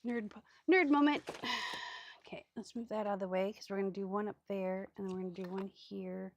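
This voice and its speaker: Hiccuping through a casual craft tutorial at her indoor table, a woman keeps up self-deprecating chatter and frequently drops to a murmur mid-task. She talks briskly in a mid-range voice with fairly even intonation over slight background noise.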